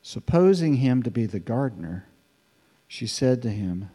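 A man's voice: medium pitch, unhurried, husky. Conversational man preaching in a hall. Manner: conversational, animated, acts out scripture voices. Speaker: pastor. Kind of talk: sermon, expository preaching.

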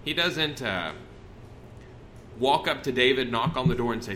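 A man's voice: medium pitch, expressive, normal speed, pushed and bright, slight background noise. A man preaching a sermon in a conversational, folksy way, often breaking off and restarting his sentences. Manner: conversational, folksy, with self-interruptions.

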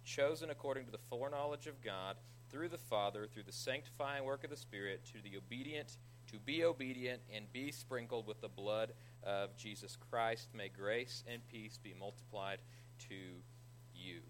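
A man delivers a relaxed, conversational sermon, walking through scripture with lively retellings and dry jokes at his own expense. His voice is bright and forward. A faint noise sits under the recording. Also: medium pitch, moderate pace, rough recording. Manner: conversational, self-deprecating humor, animated retelling. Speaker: pastor.

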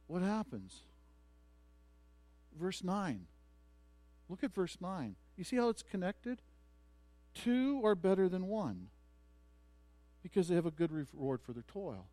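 A man's voice: fairly high pitch, a little mellow, no room sound. A man preaching a sermon as pastor, telling a story with many restarts and building to emphatic points.

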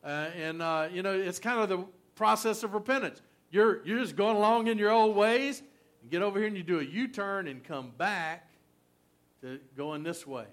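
A man's voice: sits high, normal speed. A man preaching a sermon in a folksy, conversational way, full of fillers and asides. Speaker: pastor.

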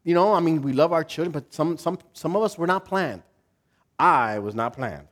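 A man delivers a lively, conversational sermon in a slightly raised voice. He talks casually with slang and acts out little voices as he tells stories. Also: on the high side, moderate pace. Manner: animated, animated storytelling with acted-out voices. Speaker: pastor.

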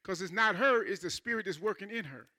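A male pastor preaching a sermon in church, talking to the congregation in an informal, conversational way and acting out church members in quick asides. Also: high voice, lively intonation, pushed and bright.

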